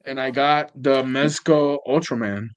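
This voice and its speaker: A man's voice: mid-range voice, fairly even intonation, unhurried, a little hiss or hum. A man co-hosting a casual toy-collecting chat, talking in a laid-back, rambling way and trailing off mid-sentence.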